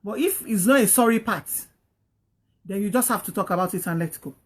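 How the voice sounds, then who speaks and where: A woman's mid-range voice, fairly quick with a breathy edge, delivers casual marriage advice online. She comes across as earnest and preachy, restating points and playing out what couples should tell each other.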